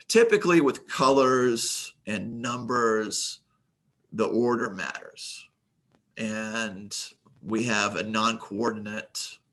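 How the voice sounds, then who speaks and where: A man's voice: lowish voice, a bit bright. A man teaching a recorded grammar lesson, reading example sentences aloud and explaining them methodically, with the occasional filler.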